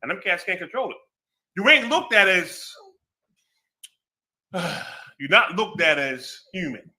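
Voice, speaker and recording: Former cop, male, high lively bright voice, slangy storyteller. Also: a little slow. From American Southwest. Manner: street slang, animated storytelling. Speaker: former law enforcement. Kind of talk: casual chat.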